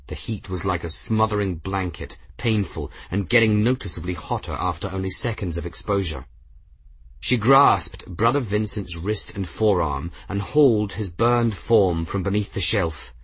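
A man narrating a dramatic story in a steady audiobook style. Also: on the low side, normal speed, breathy edge, low-quality recording.

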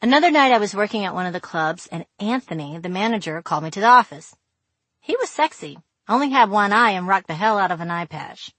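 A woman reads her own memoir aloud, frank and wry, salting the story with swearing. Her voice sits at a middle pitch, recorded close and bone-dry with no room sound. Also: lively intonation, fairly quick, fairly bright tone, slightly rough, no room sound. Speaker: memoir narrator. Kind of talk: memoir audiobook narration.

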